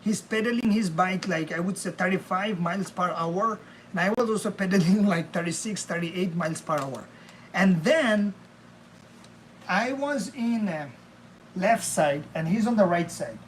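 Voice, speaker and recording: High-voiced young man rambling to viewers. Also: measured pace, a little hiss or hum. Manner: rambling, chatty, addresses viewers as bro and man. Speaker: live streamer. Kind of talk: casual live-stream chat while cooking. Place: home kitchen.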